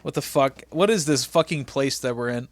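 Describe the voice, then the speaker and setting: A man's voice: medium pitch, moderate pace, no room sound. A man co-hosting a casual wrestling podcast, swearing freely and acting out scenes. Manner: loud, profane, acts out bits with shouting. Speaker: podcast co-host. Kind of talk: casual wrestling recap chat.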